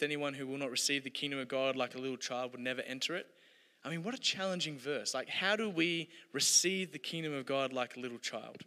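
A man delivers a sermon in an earnest, storytelling way, his voice bright and clear. He lets each point fade to a soft close, and the sound rings with the long reverb of a church hall. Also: medium pitch. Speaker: pastor.

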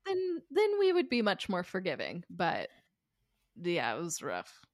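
A woman's voice: fairly low pitch, wildly swooping pitch, a little slow, no room sound. Dry-voiced woman, casual film chat. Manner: hedging, self-deprecating, laughs often. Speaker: podcast co-host.

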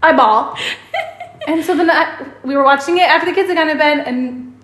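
A woman's voice: high-pitched, fairly quick, a bit bright. A young adult woman co-hosting a casual chat podcast, telling stories and acting out quotes. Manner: chatty storyteller, acts out quotes. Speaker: podcast co-host. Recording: roomy echo.

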